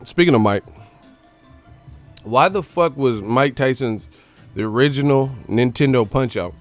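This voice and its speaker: A young man hosting a casual boxing live stream, talking loosely and profanely, now and then doing quick impressions. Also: mid-range voice, soft background music. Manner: profane, animated, slips into impressions.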